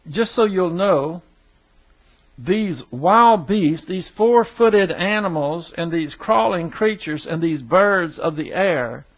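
A man's voice: high voice, muffled recording. A man preaching a sermon. He reads verses aloud and explains them in plain, conversational asides.

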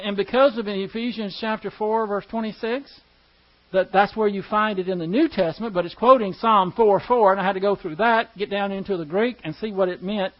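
A man's voice: high-pitched, highs cut off. A man teaching a Bible class verse by verse, explaining Greek grammar step by step and asking the class questions.

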